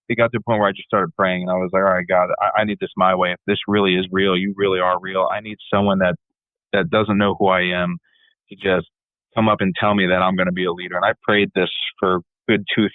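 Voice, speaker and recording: A man's voice: low-pitched, dry recording, phone-quality sound. A man in a casual interview telling a long personal story, rambling and often repeating his words. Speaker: band leader and musician.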